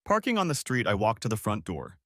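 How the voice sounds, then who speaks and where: A man narrating a first-person story as an audiobook, in an expressive storytelling way. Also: on the low side, fairly quick, no echo, studio quality.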